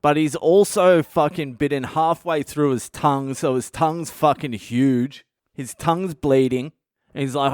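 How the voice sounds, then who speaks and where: An Australian man in his thirties, a comedian telling wild personal stories in a profane, animated way. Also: on the high side, normal speed, smooth, dry recording, studio quality. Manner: profane, animated, breaks into laughter. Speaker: comedian podcast host. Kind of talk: comic personal storytelling.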